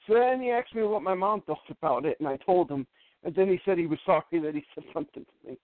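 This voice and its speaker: A sports talk show host with a high-pitched male voice speaks quickly on a casual call-in radio show, spinning a long, rambling story full of restarts. The recording is dry and tinny, like a phone line.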